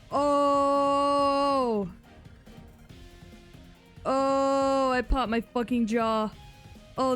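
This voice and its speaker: A young woman streaming live, chatting casually with her audience, swearing often and shrieking when thrilled. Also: high-pitched. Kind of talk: casual livestream chat.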